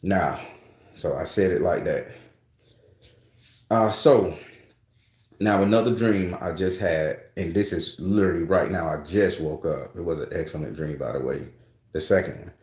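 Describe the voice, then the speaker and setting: A man's voice: deep voice, normal speed, pauses often, darkish tone, reverberant. A man hosting his own channel, talking casually and loosely to his viewers, with rambling restarts and frequent swearing. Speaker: spiritual channel host.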